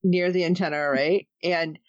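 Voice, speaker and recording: A woman's voice: lowish voice, no room sound. A woman hosting a podcast in a casual, joking chat, laughing often as she recaps a TV episode. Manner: animated, joking, quick to laugh. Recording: slightly dull, dry sound.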